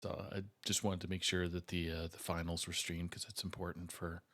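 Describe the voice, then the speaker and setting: Male stream host, very low voice, halting delivery with many pauses, casual sign-off. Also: level tone, a bit bright.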